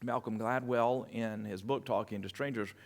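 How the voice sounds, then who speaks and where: A man's voice: lowish voice, steady tone, moderate pace. A middle-aged man, a pastor telling a story in his sermon, full of restarts and fillers.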